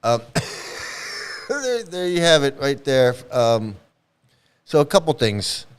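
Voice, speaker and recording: A man's voice: mid-range voice, sing-song, slow, smooth. Blunt rambling man talking casually. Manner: rambling, blunt, profane, many restarts and fillers. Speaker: ex-cult commentator. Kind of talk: casual monologue commentary.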